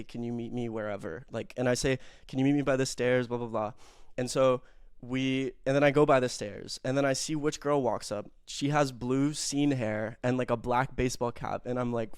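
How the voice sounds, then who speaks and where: A man's voice: mid-range voice, smooth, dry recording, clean studio sound. A young man telling a rambling, self-mocking story in casual chat, full of fillers and swearing.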